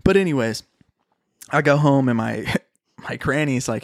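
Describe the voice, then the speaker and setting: A man's voice: medium pitch, lively intonation, brisk, no room sound, studio quality. A young man telling a long personal story in a casual, slangy way, swearing often and calling his listeners "dude".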